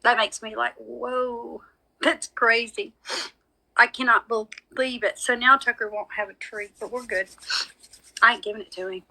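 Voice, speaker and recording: A woman's voice: on the high side, steady tone, measured pace, vocal fry, sharp tone, low-quality recording. A woman with a lot of drama, chatting casually with viewers on a live stream and calling them y'all. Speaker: medium hosting a live stream.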